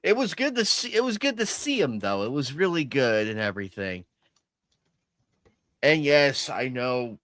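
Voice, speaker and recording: A man's voice: medium pitch, sing-song, a bit bright, no room sound. Enthusiastic man in casual chat. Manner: enthusiastic, laughs easily, halting restarts. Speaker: co-host of a watch party stream. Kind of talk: casual chat reviewing cartoon episodes.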